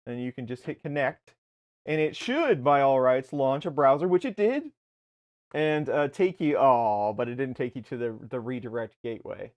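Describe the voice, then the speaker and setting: A man's voice: mid-range voice, expressive, moderate pace, a little mellow, muffled recording. A man co-hosting a casual tech livestream from a home basement, rambling and correcting himself as he explains things step by step. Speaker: livestream co-host. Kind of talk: casual live tech chat.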